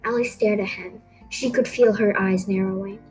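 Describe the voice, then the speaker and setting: Woman narrator, storybook reading, expressive, faint music behind. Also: mid-range voice, normal speed, rough recording.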